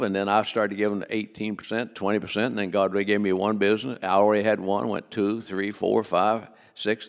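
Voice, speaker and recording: Older man, guest preacher, low gravelly voice, folksy humor. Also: in a large hall. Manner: folksy, joking, full of restarts. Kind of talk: sermon on giving. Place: church sanctuary.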